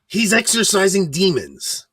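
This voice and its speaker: Animated, husky man ranting. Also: high voice, unhurried, no echo. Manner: animated, laughing, mock-outraged. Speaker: podcast host. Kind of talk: casual ranting commentary.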